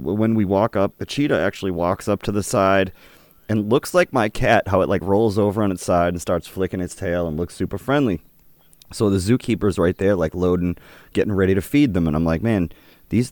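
Laid-back man, low voice, swears freely. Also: darkish tone, dry recording. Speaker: podcast co-host. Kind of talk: casual chat.

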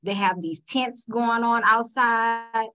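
A woman telling a story in a casual, animated chat, with lots of fillers and restarts. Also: on the high side, slow pace, poor audio. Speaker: guest panelist.

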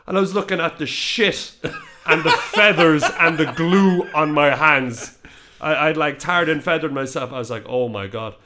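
Man, 30s, casual storyteller, animated and profane, slightly high voice. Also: normal speed. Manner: animated, swearing, laughing through the story.

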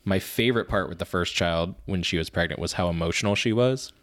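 Low-voiced man telling lively stories. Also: fast talker. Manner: animated storyteller, laughs at his own stories. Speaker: podcast co-host and father. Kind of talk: casual chat.

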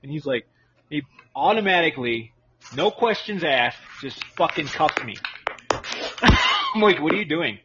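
A man's voice: fairly high pitch, animated, measured pace, highs cut off, heavy background noise. Profane guy telling a story. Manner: profane, storytelling, acts out quotes. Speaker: podcast co-host. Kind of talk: crude comedy podcast banter.

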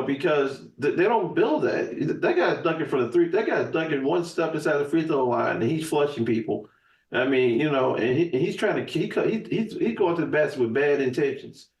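A man talking in a casual podcast chat as the guest, emphatic and profane, rambling with restarts. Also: on the high side. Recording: echoey room, voice from far off the mic.

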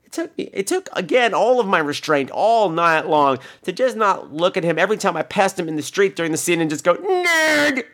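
Animated man telling profane stories. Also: high-pitched, a little fast, few pauses. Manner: animated, profane, acts out the people in his stories. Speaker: podcast host. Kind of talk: casual storytelling monologue.

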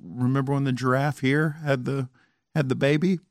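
A man's voice: medium pitch, steady tone, normal speed, dry recording. A man co-hosting a podcast in casual chat, with dry, sarcastic humor. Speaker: podcast co-host.

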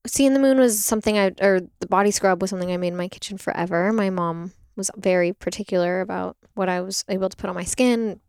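A young woman talks through her story in a relaxed, chatty interview, peppering her speech with "like" and playing out the voices of the people in it. Her voice carries a gravelly fry, and the recording is dry and close. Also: medium pitch, fast, few pauses, dry recording. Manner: animated storytelling, frequent "like", acts out quoted voices. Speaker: interview guest, doula and product maker. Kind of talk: casual conversational interview.

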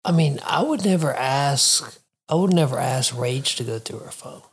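A co-host in a casual, profane conversation, talking in a relaxed way and sometimes dropping to a low mumble. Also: normal speed, breathy edge.

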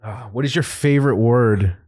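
A man's voice: medium pitch, moderate pace, slightly rough. A man hosting a podcast in casual chat, telling a story with lots of laughter. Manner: animated storytelling, laughing often. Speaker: podcast host.

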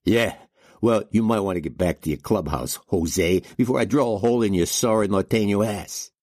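A man's voice: lowish voice, moderate pace, a little mellow, no echo, studio quality, voice pushed up, lightly acted. A man voicing a brutish, hulking male security thug in an audiobook. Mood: aggressive.

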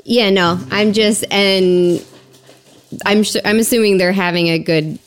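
A woman's voice: mid-range voice, steady tone, unhurried. A woman playing in a tabletop game, chatting casually and searching for her words. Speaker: player. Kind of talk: casual tabletop role-play chat.

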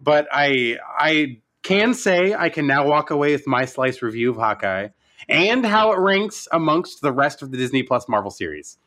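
A man co-hosting a casual show review, talking in an animated way, swearing and acting out scenes. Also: a little high, moderate pace. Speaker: podcast co-host. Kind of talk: casual chat reviewing a TV series.

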